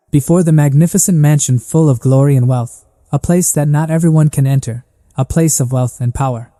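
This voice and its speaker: Man narrating a story, very dark tone. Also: medium pitch, brisk, long reverb tail.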